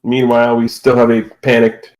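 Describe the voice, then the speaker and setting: A man acting as game master, explaining rules and narrating a tabletop game over a voice call with a relaxed, playful manner. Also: mid-range voice, normal speed, poor audio.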